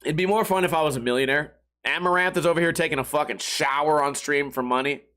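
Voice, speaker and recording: A man's voice: a little high, fast, pushed and bright. Rambling, profane man ranting solo. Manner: profane, rambling, jumps into mock voices. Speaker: podcast host. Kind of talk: casual solo rant.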